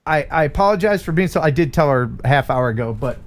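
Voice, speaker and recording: A man's voice: a little high, fast. A middle-aged American man hosting a casual live stream, joking and laughing often. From USA. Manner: jokey, animated, laughs often. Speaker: host.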